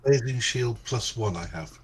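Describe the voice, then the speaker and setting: A man's voice: mid-range voice, measured pace, noisy background. A man playing a tabletop game, hesitant and full of ums and restarts. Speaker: player.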